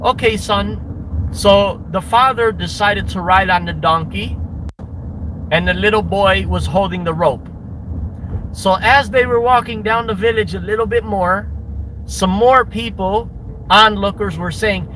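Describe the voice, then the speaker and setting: A man with a high, bright voice rambles through a story, stammering and repeating himself as he goes. He is recorded outdoors with faint traffic noise behind him. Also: fairly even intonation, measured pace, low-quality recording. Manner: rambling, repetitive, stammering restarts.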